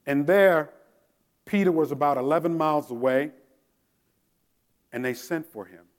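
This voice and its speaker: A middle-aged male pastor preaching a sermon. He moves from a quiet prayer into lively storytelling and calls out loud military commands. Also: a little high, a little slow. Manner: prays softly, then tells stories with shouted drill commands.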